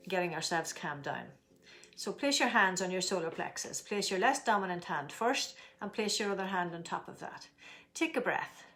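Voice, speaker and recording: A middle-aged woman leading a guided tapping session, giving slow, soothing instructions and stretching out repeated affirmations. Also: on the low side, fairly bright tone. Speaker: tapping and breathing teacher.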